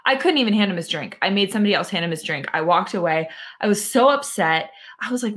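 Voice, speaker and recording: Speaking quickly with few pauses, a woman in her thirties, a podcast guest who coaches mental conditioning, shares a personal story in an animated way full of fillers. Her voice has a medium pitch.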